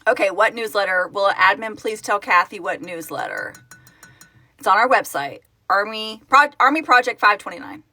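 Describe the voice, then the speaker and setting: A woman's voice: mid-range voice, lively intonation, moderate pace, pushed and bright, soft background music. A middle-aged woman from Oklahoma hosting a casual live stream from home on her phone, chatting and answering viewers' comments in a rambling, self-correcting way. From Oklahoma, United States. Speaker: livestream host, project founder.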